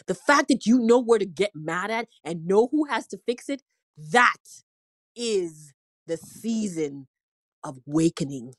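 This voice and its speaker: Delivering a heartfelt faith testimony, a woman in her forties who works as an inspirational speaker sounds earnest and preachy, now and then quoting others in acted voices. She speaks at a measured pace in an animated, mid-range voice, recorded without room sound.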